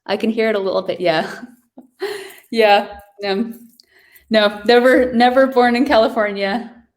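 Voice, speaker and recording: Woman from new york hosting a wine tasting on a video call, chatty and excited about the wines. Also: fairly high pitch, measured pace. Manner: chatty, enthusiastic describing wines. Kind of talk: casual chat during a virtual wine tasting.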